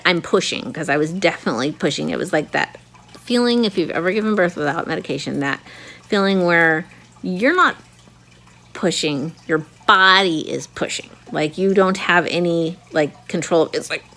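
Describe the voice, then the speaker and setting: Woman animatedly telling her birth story. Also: on the low side. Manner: animated, acts out quoted voices. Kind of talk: casual storytelling.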